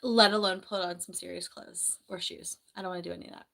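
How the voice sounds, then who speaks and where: Young woman from New Jersey, nurse and stream host, rambling and chatty, slightly hoarse with the flu. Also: fairly low pitch, flat delivery, fast, a bit bright. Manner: rambling, chatty, reads viewer comments aloud. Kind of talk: casual livestream chat. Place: bedroom at home.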